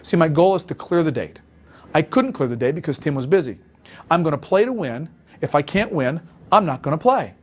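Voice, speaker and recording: A man's voice: on the high side, expressive, a little fast. A man coaching listeners on making sales calls, talking emphatically and acting out example calls. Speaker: sales trainer. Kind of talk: instructional talk.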